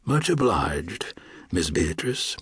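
Polite western lawman, low and quiet, a bit husky, as the narrator voices him. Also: expressive, normal speed, no room sound, clean studio sound. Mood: earnest. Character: principled, modest frontier lawman.

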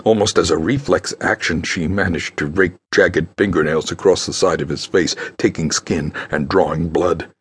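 A man reading an audiobook in a measured, grave storytelling manner. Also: low voice, steady tone, husky. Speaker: audiobook narrator. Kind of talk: scripted narration.

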